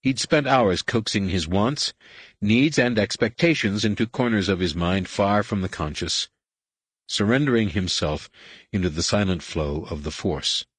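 A male audiobook narrator with a low, husky voice, recorded close and dry. He tells the story steadily and evenly, in a measured way. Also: a bit bright, dry recording. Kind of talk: scripted narration.

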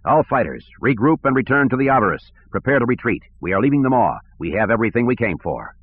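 A man's voice: medium pitch, sing-song, quick pace, breathy edge. A man voicing a decisive male fighter squadron leader giving firm orders, on a tinny recording. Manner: firm, commanding. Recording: tinny phone-like sound.

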